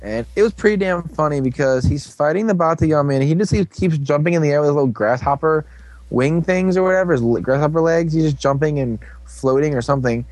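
A man's voice: fairly high pitch, fast, darkish tone, no room sound. A young man casually recapping a show episode, joking around and slipping into silly voices for the characters. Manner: rambling, jokey, drops into silly voices for characters. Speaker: podcast co-host recapping an episode.

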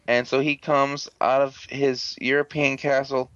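A man hosting a casual, profane recap, sarcastic and rambling with many fillers and throat clearing. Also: medium pitch, little pitch movement, unhurried, a bit bright, no echo. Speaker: podcast host recapping a show. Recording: dull lo-fi dry sound.

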